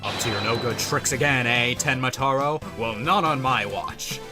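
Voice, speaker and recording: A man voicing a booming, heroic male yokai lord while reading game lines aloud on stream. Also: moderate pace, over music, close to an everyday voice. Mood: taunting. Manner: bombastic, laughing theatrically.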